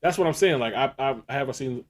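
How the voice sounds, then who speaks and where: Male podcast co-host from the Midwest, mid-pitched, casual, crude storyteller. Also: quick pace. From American Midwest. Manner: laid-back, crude, storytelling with lots of laughter. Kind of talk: casual chat.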